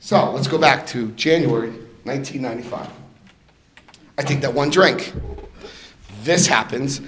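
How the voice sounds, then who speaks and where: A man in his fifties telling a personal recovery story to an audience, acting out quotes with sudden jumps in pitch and loudness. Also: unhurried, slightly rough. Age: 50s. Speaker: recovery speaker.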